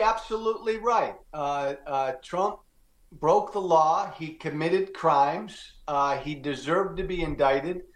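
A man's voice: a little high, echoey room. A male political guest from Illinois giving blunt, emphatic commentary. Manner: blunt, emphatic, repeated uhs.

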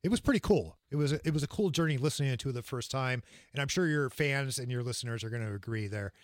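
A man of middle pitch hosts a show and asks a guest casual questions. He speaks in a friendly way with a few fillers. His voice sounds dry and close, with no echo. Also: quick pace. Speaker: radio show host.

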